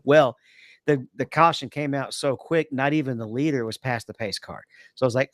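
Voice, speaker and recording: A man co-hosting a casual podcast, telling long, rambling race stories with quick asides. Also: medium pitch, no echo, clean studio sound. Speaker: podcast co-host. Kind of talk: casual chat.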